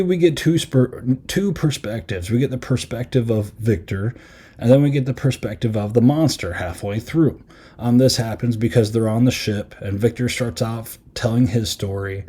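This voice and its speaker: A man's voice: medium pitch, mellow, breathy edge. A man hosting a podcast, casually reviewing a film in a rambling way, with lots of fillers and acted-out quotes.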